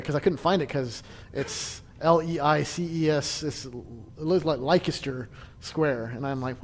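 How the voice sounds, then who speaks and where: A man's voice: a little high, fairly even intonation, measured pace, big-room sound. A man casually leading a church history class, chatty and joking, with frequent restarts.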